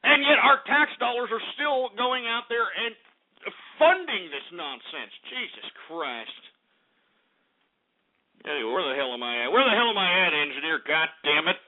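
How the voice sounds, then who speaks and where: A man's voice: high-pitched, very animated, brisk. A man hosting a radio show, ranting about market prices in a crude, insulting, exasperated way and muttering irritated asides. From Texas. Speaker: radio host. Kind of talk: abrasive comedic market rant. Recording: narrow phone-like radio audio.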